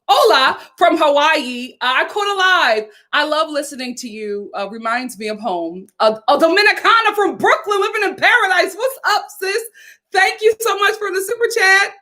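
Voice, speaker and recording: A young woman from Philadelphia hosting a live stream, reading viewer comments with sassy, animated chat and frequent laughter. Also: very high-pitched, moderate pace.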